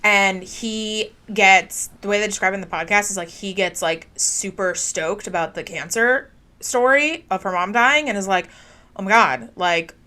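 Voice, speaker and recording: Woman, podcast co-host, casual storytelling, mid-pitched, filler-heavy chat. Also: normal speed, sharp tone. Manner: chatty storytelling, heavy use of "like". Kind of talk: casual chat, retelling a true crime story.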